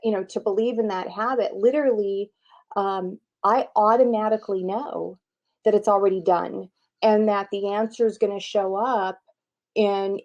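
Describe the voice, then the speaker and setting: Playful woman in her fifties, lo-fi. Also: medium pitch. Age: 50s. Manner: animated, playful, frequent "you know". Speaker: host. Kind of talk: casual spiritual talk-show chat. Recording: dull lo-fi audio.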